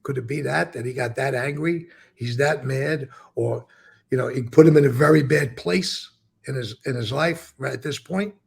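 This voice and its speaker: A man with a deeply gravelly, rough and husky voice recounts old stories in a casual interview. He repeats words as he talks and acts out the lines of the people in them, with frequent swearing. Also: normal speed, darkish tone. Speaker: former mobster telling stories.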